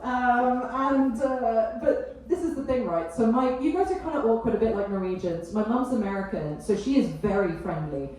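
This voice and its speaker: Woman in her 30s doing standup, kinda high voice, cheeky, sounds far off in a big echoey room. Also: darkish tone, slight background noise. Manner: cheeky, quick asides and frequent laughter. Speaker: stand-up comedian. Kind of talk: stand-up set with crowd work. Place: comedy club stage with an audience.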